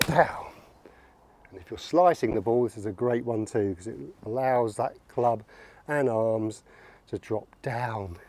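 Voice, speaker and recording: A man's voice: mid-range voice, dark tone. A man coaching golf outdoors, upbeat and encouraging as he demonstrates swings. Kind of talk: on-course golf instruction.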